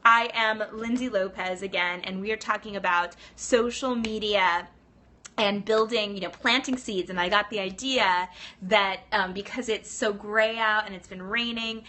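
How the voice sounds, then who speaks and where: A woman who owns a Pilates studio, chatting upbeat and fast in a casual live stream, greeting viewers and often asking "right?". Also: mid-range voice. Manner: talks quickly when excited. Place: indoors in New York City.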